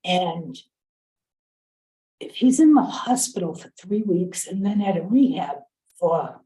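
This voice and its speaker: Mellow-voiced woman telling a work story. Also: lowish voice, expressive, slow pace, low-quality recording. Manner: earnest, quotes the dialogue of others. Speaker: program staff member in a training session.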